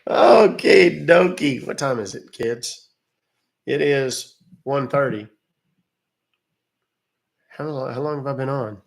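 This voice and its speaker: A man with a gravelly voice hosts a live stream in a loose, chatty way, cracking jokes and swearing offhandedly as he talks to his viewers. His voice sits at an ordinary pitch, with a rough fry running through it. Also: takes it slowly, pauses often. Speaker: livestream host calling scammers. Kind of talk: casual livestream chat.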